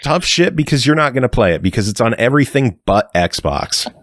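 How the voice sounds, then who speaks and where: A man's voice: mid-range voice, very animated, a bit bright, no echo. Podcast host, male, casual news rundown, dry close mic. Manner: brisk news rundown with fillers and swearing.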